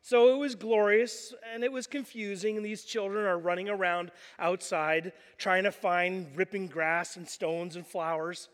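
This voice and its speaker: A man preaching an animated, jokey sermon and telling a story to the congregation. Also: high-pitched, a little slow, hardly any pauses, big-room sound. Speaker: pastor.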